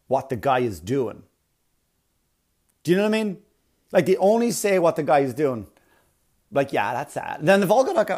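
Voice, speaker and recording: A man's voice: a little high, darkish tone. Rambling man doing stand-up. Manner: rambling, filler-heavy delivery with sudden breathy put-on voices. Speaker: stand-up comedian. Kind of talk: stand-up comedy routine.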